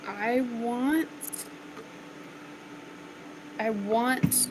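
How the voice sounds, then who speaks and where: Casual player over a clear background hum. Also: medium pitch, fairly even intonation, unhurried. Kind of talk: tabletop role-play chat.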